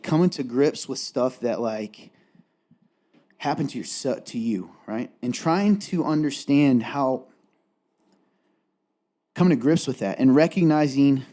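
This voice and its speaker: His medium-pitched, dark voice is animated yet slow, with frequent pauses. He is a co-host in an open conversation about faith, rambling earnestly while tearful and close to crying.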